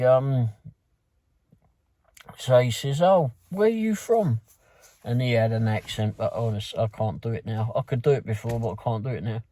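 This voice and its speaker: A man with a London accent talks through his shift as a delivery driver, wandering from one detail to the next with plenty of fillers. His voice is mellow and mid-pitched. The sound is dry and close, with no room around it. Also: dry recording. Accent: London English. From London, England. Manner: rambling, loose storytelling with many fillers and restarts. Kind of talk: casual recap of a work night.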